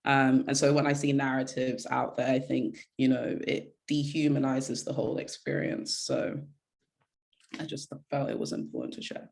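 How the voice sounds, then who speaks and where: Woman, spoken-word poet, earnest, gravelly, low voice, halting when off-script. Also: lively intonation, darkish tone. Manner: earnest, many fillers when speaking freely. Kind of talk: spoken word poetry, then reflective talk.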